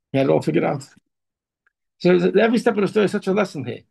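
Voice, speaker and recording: A man giving an informal Torah talk, halting and repeating words, then pressing his points with emphatic urging. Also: high-pitched, expressive, mellow. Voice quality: gravelly, husky voice. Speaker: Torah teacher.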